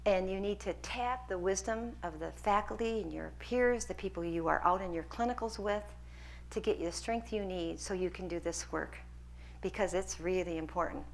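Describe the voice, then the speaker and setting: A guest lecturer, a woman with a gravelly, medium-pitched voice, speaks at normal speed amid slight background noise. She takes questions from a hall audience, answering in an earnest, encouraging way.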